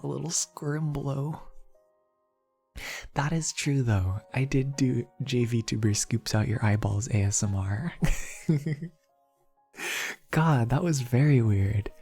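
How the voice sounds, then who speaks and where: A soft-spoken young man chatting casually on an ASMR stream, playful and rambling, laughing often. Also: mid-range voice, slightly rough. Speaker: VTuber streamer.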